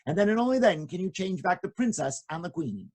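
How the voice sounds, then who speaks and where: A man telling folk tales to children in a playful, jokey, expressive way. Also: sits high, a little fast. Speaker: children's storyteller. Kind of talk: animated storytelling for children.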